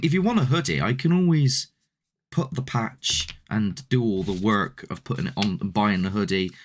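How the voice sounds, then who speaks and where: Male host, deep voice, rambly live chat with viewers. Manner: rambling, chatty, answers viewer comments. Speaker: host of a paranormal channel. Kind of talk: casual live-stream chat.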